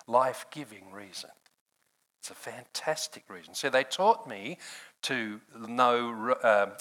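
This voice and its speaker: Lively older man preaching a sermon. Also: medium pitch, rough recording. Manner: animated and conversational, often laughing, addresses people in the room by name.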